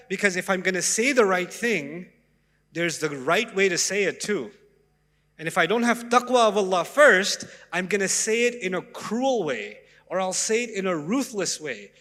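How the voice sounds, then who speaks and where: A man preaching a sermon in an animated way, acting out little dialogues to make his points. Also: high voice, moderate pace, long reverb tail. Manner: animated, acts out dialogues with voices. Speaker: Islamic preacher.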